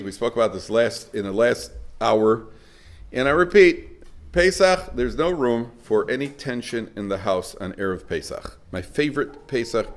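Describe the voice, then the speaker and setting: A middle-aged man, a rabbi lecturing a live audience, telling stories lively and acting out dialogue. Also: mid-range voice.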